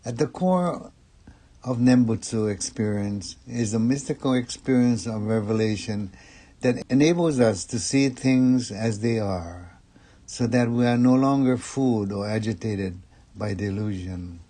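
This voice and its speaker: A male Buddhist minister delivers a Dharma talk in a slow, measured way. His voice sits low and sounds warm and mellow. He keeps an even calm throughout.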